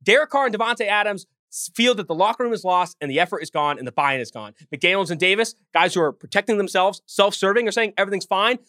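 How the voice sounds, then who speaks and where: A man co-hosting a sports podcast, his high voice bright and pressing as he rattles off arguments at speed. The sound is close and dry, with no room around it. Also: expressive, no echo. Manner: fast, heated ranting. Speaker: podcast co-host.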